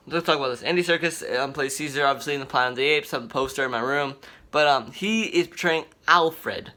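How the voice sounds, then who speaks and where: An excited man rambling through a casual vlog, with plenty of fillers and restarts. His voice is bright and sits a little high for a man. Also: fast talker. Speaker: vlogger.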